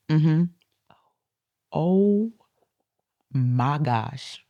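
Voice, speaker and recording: Woman, low voice, loud and expressive, casual podcast co-host. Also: normal speed, highs cut off. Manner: loud and expressive, many agreeing yeahs. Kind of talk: casual chat.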